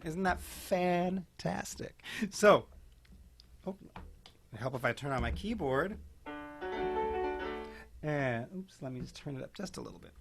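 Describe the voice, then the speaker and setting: Man, singing teacher, high voice, encouraging, playful, keyboard in the background. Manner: encouraging, playful, demonstrates sung vocal exercises. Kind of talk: online group voice class. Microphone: home video call mic. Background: keyboard accompaniment.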